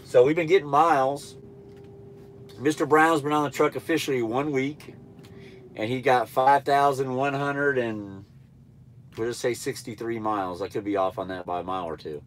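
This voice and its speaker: Brief: stuffy-nosed man, nasal, loose and blunt, mid-pitched, live-stream chatter. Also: fairly even intonation, moderate pace, a little hiss or hum. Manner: laid-back, rambling, blunt. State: stuffy nose. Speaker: truck driver trainer livestreaming. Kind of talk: casual live-stream chat answering viewers.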